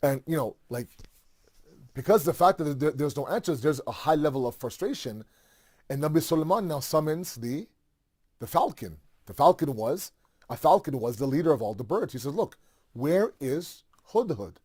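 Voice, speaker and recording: A man's voice: a little high, animated, normal speed, darkish tone, husky. A man telling a religious story in a casual, conversational way, with many fillers and asides.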